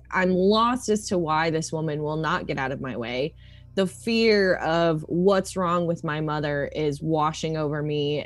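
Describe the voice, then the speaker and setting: Low-voiced woman, tabletop player, swears a lot, gets emotional, faint music under her. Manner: emotional, swears freely, pitch rising when upset. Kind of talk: in-character tabletop role-play narration.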